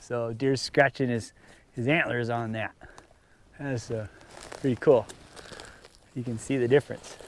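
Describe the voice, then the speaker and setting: A man's voice: medium pitch, a little slow, long pauses. Laid-back man vlogging at camp. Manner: relaxed, chatty, talks to his dogs. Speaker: outdoor vlogger. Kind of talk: casual camp vlog talk. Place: mountain campsite outdoors.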